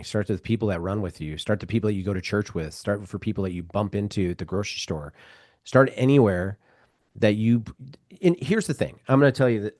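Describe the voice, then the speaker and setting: A man's voice: lowish voice, no room sound, clean studio sound. A man speaking as a business coach on a virtual summit, talking casually and telling joking stories. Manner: animated, joking storyteller. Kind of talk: casual chat.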